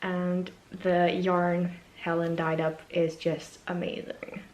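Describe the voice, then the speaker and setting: On her casual video podcast, a knitwear designer whose native language is Norwegian chats in a gushing, enthusiastic, self-deprecating manner. Her voice is lowish and a little mellow, slow and with little pitch movement, recorded in an echoey room.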